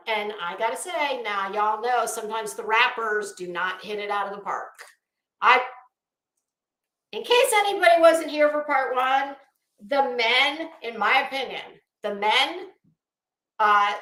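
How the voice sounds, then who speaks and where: A sassy, opinionated woman talks through fashion in a slow, unhurried drawl, her voice bright and fairly high. She sounds middle-aged and relaxed. The room around her rings with echo. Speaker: fashion commentator. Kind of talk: casual commentary.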